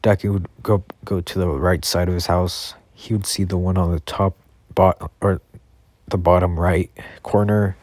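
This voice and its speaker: A man's voice: sits low, little pitch movement, normal speed, darkish tone, no room sound. A young man improvising a story casually, rambling with many "like" fillers and restarts.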